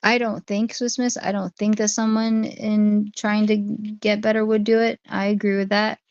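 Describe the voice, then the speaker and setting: A woman's voice: medium pitch, level tone, moderate pace, a little mellow, clean tone, no room sound. A woman hosting a casual livestream, talking through her viewers' chat comments one by one. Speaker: livestream host. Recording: dry, dull lo-fi stream audio.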